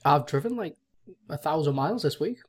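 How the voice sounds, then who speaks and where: A man's voice: a little high, lively intonation, breathy edge. A man with a Geordie accent, a podcast co-host, trading cheeky, sweary banter. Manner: cheeky, swearing, quick retorts. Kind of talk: casual banter.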